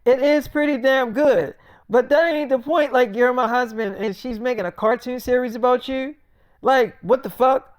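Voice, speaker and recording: A man's voice: very high voice, moderate pace, smooth, no room sound, studio quality, pitched above the performer's own voice. A man voicing his angry, jealous young wife, swearing and accusing in a raised voice. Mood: angry scolding.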